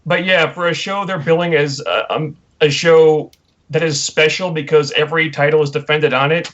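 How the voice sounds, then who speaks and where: A man's voice: on the high side, steady tone, normal speed, a bit bright. A man co-hosting a casual wrestling podcast, ranting with mocking disbelief. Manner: incredulous, mocking rant. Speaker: podcast co-host. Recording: dull lo-fi audio.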